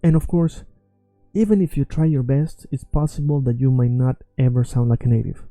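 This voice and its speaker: A man's voice: medium pitch, fairly even intonation, moderate pace, warm tone, no echo, soft background music, poor audio. A man teaching an online language lesson, talking casually and often checking in with "okay?" and "right?".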